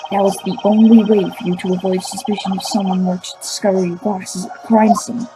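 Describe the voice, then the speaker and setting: A woman's voice: mid-range voice, flat delivery, brisk, background noise, close to an everyday voice. A woman voicing an earnest young male defense lawyer, reading his accusation and correcting slips. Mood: accusing. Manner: reading aloud, self-correcting.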